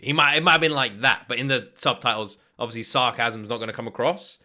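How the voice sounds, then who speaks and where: A British man hosting an anime reaction, talking in an animated, swearing, off-the-cuff way. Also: mid-range voice. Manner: animated, swears freely, quick asides and laughs. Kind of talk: casual reaction commentary.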